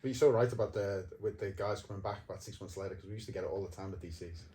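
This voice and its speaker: A man's voice: lowish voice, rapid-fire, warm tone. A man hosting a casual interview, agreeing and adding his own short door story. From Australia. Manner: agreeable, short backchannel replies. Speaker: host.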